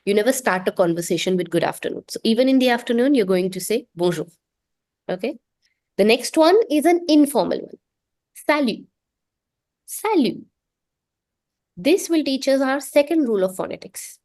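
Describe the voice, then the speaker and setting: A woman teaching French in an online class, explaining things patiently and repeating words slowly so that students can say them after her. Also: a little high, lively intonation, a little mellow, dry recording. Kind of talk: online language lesson.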